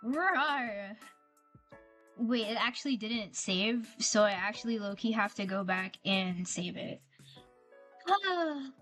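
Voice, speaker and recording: A woman's voice: mid-range voice, lively intonation, measured pace, a bit bright, faint music behind. A woman streaming a game, chatting casually and gushing over the characters, often repeating herself. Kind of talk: casual gameplay commentary.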